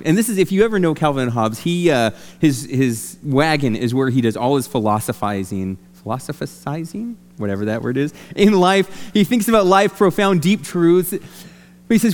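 A man's voice: on the high side, moderate pace. A man preaching a sermon as a pastor, talking conversationally with lots of restarts. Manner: conversational, animated, many restarts. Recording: long reverb of a hall.

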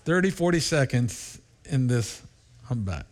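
This middle-aged pastor takes his time delivering a sermon full of lively storytelling. Quotes get high-pitched voices, and he laughs frequently.

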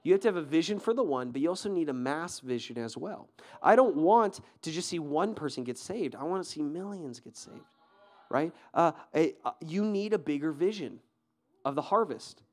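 A man preaching a sermon as pastor, energetic and conversational, often asking the crowd questions and restarting his sentences. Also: fairly high pitch, normal speed. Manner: fillers and repeated restarts.

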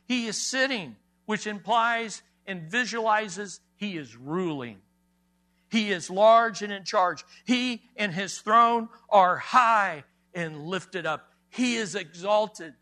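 A male pastor preaching a sermon, emphatic, rising loud on key words and dropping soft. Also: sits high, slow.

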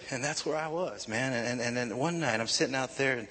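A man preaching a sermon, telling his own story in a confessional way that builds to loud, shouted preaching. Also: mid-range voice, normal speed, husky. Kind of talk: sermon testimony.

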